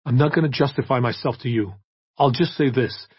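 A man voicing a hard, cold male vigilante who speaks quietly and flatly. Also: mid-range voice, brisk, husky, dry recording, lo-fi sound, close to an everyday voice.

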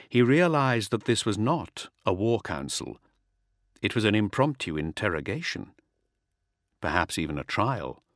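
A man narrating an audiobook in a dramatic, measured reading. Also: on the low side, fairly bright tone, dry recording, clean studio sound. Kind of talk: scripted narration.

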